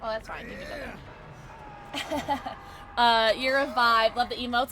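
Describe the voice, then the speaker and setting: A woman streamer chatting casually during a gameplay livestream, reacting loudly and reading chat aloud. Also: fairly high pitch, slow, long pauses, faint music behind. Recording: steady background noise.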